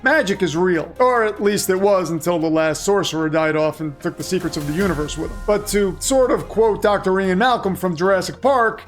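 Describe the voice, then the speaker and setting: A man's voice: high-pitched, a little fast, few pauses, soft background music. A man who hosts a show, narrating a scripted comedic story with dramatic, playful delivery. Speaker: storyteller host.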